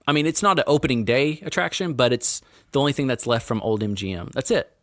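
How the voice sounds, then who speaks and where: A man's voice: medium pitch, quick pace, a bit bright, dry recording, clean studio sound. A man co-hosting a casual podcast, teasing his co-host and giving strong opinions. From Tennessee. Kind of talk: casual chat.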